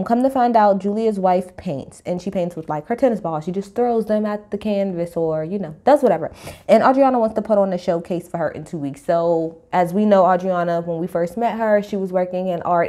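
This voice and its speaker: A woman speaks, recapping a reality TV episode in a casual, chatty way. Her delivery is sassy and animated, and she stops often to throw in blunt opinions. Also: mid-range voice. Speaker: TV recap host.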